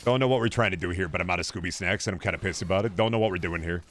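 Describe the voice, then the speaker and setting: A man's voice: low voice, racing, fairly bright tone. Rambling, profane man streaming a game. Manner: talks back to chat while playing. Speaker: gaming streamer. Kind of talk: casual gaming livestream chatter.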